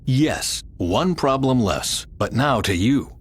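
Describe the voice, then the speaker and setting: An actor playing a guarded scientist in a video game, speaking calmly and probingly. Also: male voice, mid-range voice, takes it slowly, slightly rough. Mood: wary. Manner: calm, probing. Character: guarded male scientist, a doctor. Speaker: doctor.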